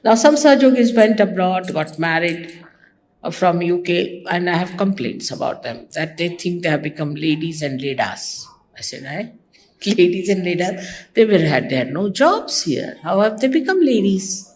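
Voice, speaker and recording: An older woman from India gives a devotional talk in an easy, conversational way. Her voice sits fairly low but moves in lively, animated swings. She teases her listeners and leaps up in pitch to mimic other people. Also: moderate pace, slight background noise. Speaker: spiritual teacher. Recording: archival talk recording.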